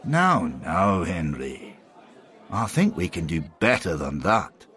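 A man voicing a calm, measured old football manager who reins in his friend. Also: deep voice, slightly rough, full character voice. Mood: restraining.

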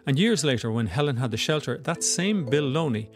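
A man narrating a documentary in a measured, scripted way. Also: medium pitch, expressive, soft background music.

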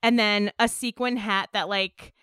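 A woman's voice: medium pitch, steady tone, bright, forceful tone, smooth, no echo, clean studio sound. A young adult woman, chatting casually, laughing often and acting out characters' lines. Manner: giggly, fast, acts out characters' lines in quotes. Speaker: podcast co-host. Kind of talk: casual chat recapping a TV episode.

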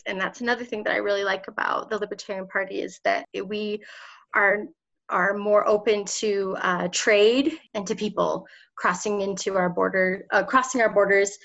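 A woman's voice: mid-range voice, gravelly, fairly bright tone. A woman in her thirties, a political candidate telling her story in an interview, passionate and emotional, often laughing as she talks. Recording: slightly dull lo-fi audio.

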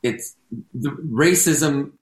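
A man who co-hosts a podcast and performs on stage chats casually, rambling with lots of fillers, restarts, and self-corrections. His medium-pitched voice draws out words, recorded in an echoey room.

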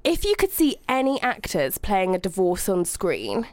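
A woman's voice: mid-range voice, huge pitch swings, moderate pace, no echo. Chatty young woman hosting a podcast. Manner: bright, laughs often, chatty. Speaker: podcast host. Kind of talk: casual film discussion.

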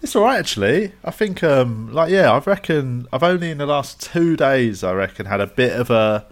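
A man's voice: medium pitch, sing-song, normal speed. A young man, a comedian guest on a podcast, talking casually in long rambling stories. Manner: chatty, rambling storyteller.

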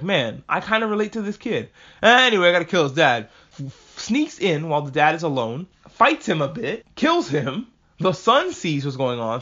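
A man's voice: fairly high pitch, a bit bright. Profane joking man recapping, lo-fi audio. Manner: profane, jokey, acts out characters' lines. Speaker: podcast host reviewing an anime. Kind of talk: casual recap and commentary. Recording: dull lo-fi recording.

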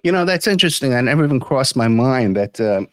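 A man's voice: mid-range voice, lively intonation, quick pace, a bit bright, no room sound. Man, podcast host, rambling casual talk, dry close sound. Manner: rambling, many fillers and restarts. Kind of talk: casual interview.

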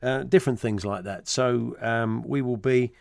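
A man's voice: medium pitch, fairly even intonation, normal speed, creaky, darkish tone, no echo, studio quality. A man co-hosting a sports radio show, bantering jokily and teasing his co-host. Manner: jokey, teasing, chatty. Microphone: studio microphone.

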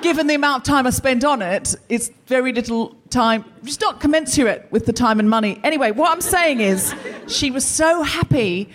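Chatty woman with a bright high voice. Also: animated, a little fast, noisy background. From Australia. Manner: chatty, self-mocking storytelling. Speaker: podcast host. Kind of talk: live stand-up comedy monologue.

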